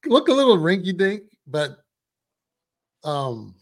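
Gravelly man, halting movie talk. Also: sits high, sing-song. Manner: hesitant, searching for words with ums. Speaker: podcast co-host. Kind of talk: casual movie review chat.

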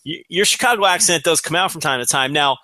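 A man's voice: on the high side, quick pace, sharp tone, no echo. A man co-hosting a podcast in a casual chat, teasing his partner with dry, wry humor. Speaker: podcast co-host.

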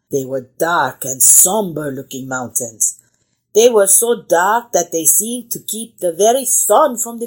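A kindly old village storyteller, speaking in a husky, slow, teasing way, as a woman reads him. His lines have a low voice that still rises and falls a lot. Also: a little mellow.

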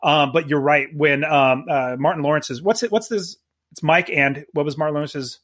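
A man chatting casually as co-host of a movie review, animated and often stammering and restarting his sentences. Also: fairly high pitch, moderate pace.

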